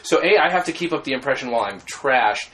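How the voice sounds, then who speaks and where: A man hosting a podcast in casual chat, halting and laughing. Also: mid-range voice, expressive, pushed and bright. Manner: halting, many restarts, laughs. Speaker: podcast host.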